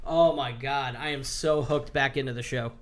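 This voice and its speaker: A man in casual chat, excitedly recapping a TV episode, swearing often and acting out the characters' lines. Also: mid-range voice, normal speed, a little hiss or hum. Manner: excited, swears a lot, acts out quotes. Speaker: podcast co-host.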